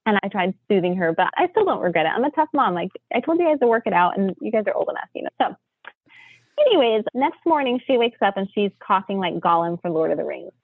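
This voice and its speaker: A woman telling a family story in a chatty, animated way, laughing often. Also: medium pitch, quick pace, dry recording. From United States. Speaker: podcast guest, homeschooling mother. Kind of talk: casual storytelling. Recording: tinny phone-line sound, dry.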